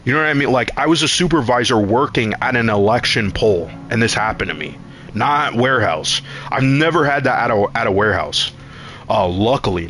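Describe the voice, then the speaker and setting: A man's voice: fairly low pitch, a bit bright, a little hiss or hum. A man streaming a game, telling a long rambling story with lots of swearing and acting out quotes in a raised voice. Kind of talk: casual storytelling while gaming.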